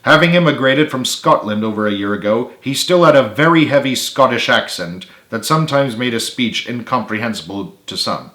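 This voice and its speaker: A man, the author, narrating his own book in a steady read-aloud. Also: medium pitch, fairly quick, few pauses, reverberant.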